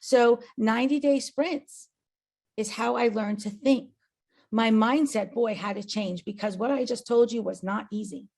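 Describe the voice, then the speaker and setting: A woman gives an earnest motivational talk to her colleagues on a company call. Her voice sits a little high and has a gravelly edge. She speaks emphatically and keeps checking in with her listeners. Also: a little slow, darkish tone. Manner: emphatic, earnest, tag questions. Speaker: agency owner.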